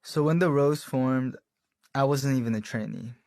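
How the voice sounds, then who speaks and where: A young man recounting his band's beginnings in a relaxed, chatty storytelling manner, laughing now and then. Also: medium pitch, normal speed, creaky, no room sound. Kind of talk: casual storytelling.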